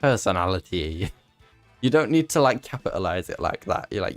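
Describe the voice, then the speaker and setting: Low-voiced young man streaming. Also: sing-song, dry recording, faint music behind. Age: young adult. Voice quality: prone to voice cracks. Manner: rambling, self-mocking, quick asides to chat. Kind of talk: casual gaming stream chat.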